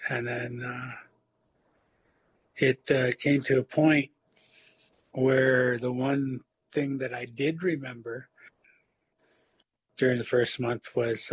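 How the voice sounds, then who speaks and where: A man in recovery telling his personal story in a halting, reflective way, with many fillers and restarts. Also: medium pitch, husky, poor audio. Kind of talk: personal testimony.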